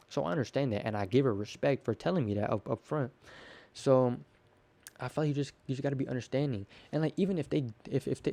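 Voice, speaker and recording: A teenage boy rambles through a casual solo podcast at a quick clip. His voice is mellow and dark, and he stumbles and repeats words as he acts out little bits of conversation. It all sounds improvised and loose. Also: mid-range voice, no echo. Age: teens. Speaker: podcast host.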